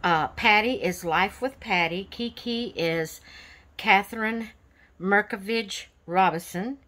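Speaking slowly in a mid-range, slightly bright voice, a woman hosts her coloring channel. It's a relaxed show-and-tell vlog: she chats and wanders, full of filler words, while showing off the pages she has completed.

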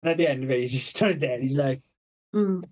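A man's voice: medium pitch, very fast. A young man co-hosting a podcast, telling rambling stories in casual chat, swearing freely and laughing through them. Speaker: podcast co-host.

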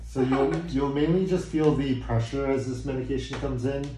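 A man, a foot doctor, calmly explaining a procedure to a young patient in his office. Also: medium pitch, moderate pace. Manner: calm, plain, reassuring. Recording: echoey exam room, some noise.

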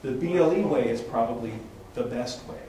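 A man's voice: medium pitch, a little fast, mellow, a little hiss or hum. A man presenting at a tech meetup, explaining casually to a small group with frequent restarts and "right?" checks. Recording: echoey room, distant mic, faint ambience.

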